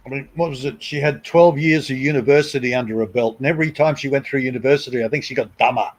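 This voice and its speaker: A man's voice: mid-range voice, fairly even intonation, quick pace, poor audio. Crude, blunt man. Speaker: live stream host. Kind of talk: casual chat.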